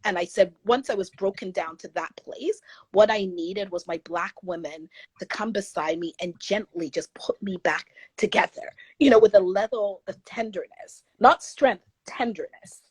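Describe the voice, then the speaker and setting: A woman's voice: medium pitch, normal speed, breathy edge, no room sound. A woman guest author talking in an interview, earnest and emphatic, sometimes taking on the voices of people she quotes. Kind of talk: candid interview conversation.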